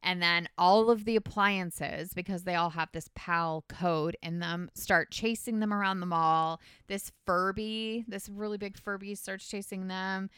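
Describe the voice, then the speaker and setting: A woman's voice: medium pitch, steady tone, unhurried, hardly any pauses, a bit bright, smooth, dry recording, studio quality. A woman hosting a podcast, casually retelling a movie's plot in a rambling way, full of "like" and "um". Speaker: podcast host. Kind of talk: casual movie recap chat.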